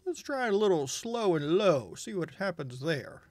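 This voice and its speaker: A man with a slightly higher voice talks through a software demo, chatty and wry, thinking aloud as he clicks. His manner is candid and relaxed. The sound is dry and close to the mic. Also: a little slow, no echo. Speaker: software reviewer. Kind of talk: casual screen-recorded tutorial.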